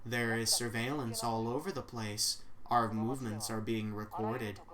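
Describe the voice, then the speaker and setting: A woman voicing a soft-spoken AI secretary program that talks low, quiet and even. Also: measured pace, crowd noise. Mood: calm devoted.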